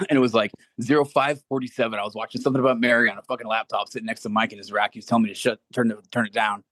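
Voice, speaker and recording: Man, 40s, fast talker, laughs through his stories, dry sound. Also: medium pitch, steady tone, fairly bright tone, no echo. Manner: laughing, profane anecdotes. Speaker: guest, Marine veteran. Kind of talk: casual chat.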